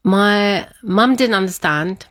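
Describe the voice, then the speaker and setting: A woman telling a personal story in conversation, animated and quick to laugh, often acting out what her family said. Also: mid-range voice, dry recording. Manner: lively, laughs often, acts out family quotes. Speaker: guest.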